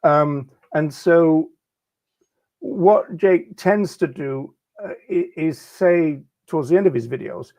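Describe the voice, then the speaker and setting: A man co-hosting a casual discussion, speaking in a measured way and thinking aloud with fillers. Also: a little high, darkish tone. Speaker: podcast co-host.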